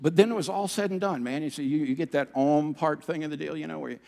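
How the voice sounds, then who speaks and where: A middle-aged man preaching a sermon as pastor, animated, telling stories and swinging from loud bursts to hushed, quiet passages. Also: on the high side, fast talker, gravelly. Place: church sanctuary. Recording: long reverb of a large hall.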